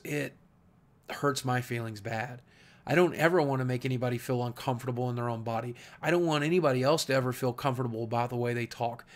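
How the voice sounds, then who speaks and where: A man with a slight Southern accent speaks to camera in a mid-pitched voice, candid and earnest. He thinks aloud as he goes, restarting sentences and doubling words. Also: a bit bright. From Southwest Virginia, USA. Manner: earnest, reflective, with frequent restarts and repeated words. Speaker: YouTube creator. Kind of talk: candid talking-head monologue.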